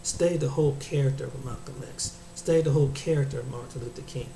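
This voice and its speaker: A man's voice: medium pitch, fast talker, mellow, reverberant, slight background noise, poor audio. A man giving a preachy opinion monologue, often stumbling and restarting his words. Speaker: commentator.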